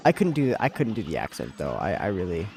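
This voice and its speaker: A man's voice: sits low, wildly swooping pitch, quick pace, vocal fry, music in the background. A young American man streaming a game, chatting casually and rambling with lots of fillers and restarts. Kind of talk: casual chat while gaming.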